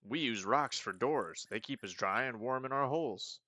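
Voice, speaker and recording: A man's voice: medium pitch, normal speed, sharp tone, no room sound, voice pushed up. A man voicing a small, furry, laid-back stoner meep from a burrow, drawling and tossing in "like" and "you know" as he plays a game. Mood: mellow, friendly.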